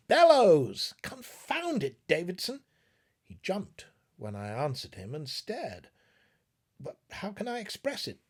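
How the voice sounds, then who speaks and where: Male audiobook narrator: slow, husky, expressive storytelling with lively pitch. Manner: measured, expressive reading. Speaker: audiobook reader.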